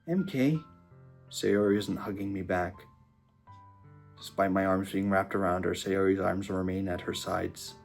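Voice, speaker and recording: A man playing through a visual novel, quietly reading the hero's lines aloud and breaking off into emotional reactions. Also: deep voice, steady tone, a little slow, gravelly, soft background music. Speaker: gaming YouTuber. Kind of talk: let's-play reading and reacting.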